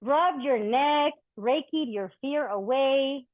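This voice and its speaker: Speaking slowly in a high voice, a woman performs spoken-word poetry at a live event and talks candidly between pieces, swearing freely. The recording is dry, thin and phone-like, without echo.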